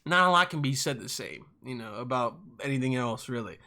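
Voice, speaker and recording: A young man hosting a podcast, telling comic stories in an animated, profane, rambling way. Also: mid-range voice, a little fast. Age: young adult. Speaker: podcast host. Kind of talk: casual comic storytelling.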